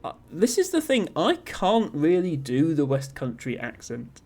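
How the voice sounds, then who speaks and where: A man's voice: fairly high pitch, wildly swooping pitch, unhurried, darkish tone. A man with a generic Southern English accent chatting casually as a streamer, rambling and self-deprecating, reading out viewer messages. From Somerset, southwest England.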